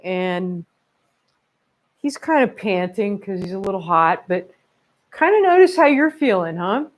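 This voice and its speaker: A woman's voice: medium pitch, sing-song, a little slow. A woman leading a children's yoga class at home, upbeat and encouraging as she talks young kids through each pose. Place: home room with her dogs. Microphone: camera she set up herself.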